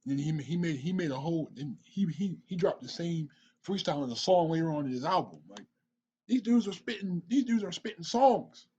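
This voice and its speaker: A man hosting a reaction video, talking excitedly, stammering and repeating himself. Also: fairly high pitch, a little fast, husky, muffled recording. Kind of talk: casual reaction commentary.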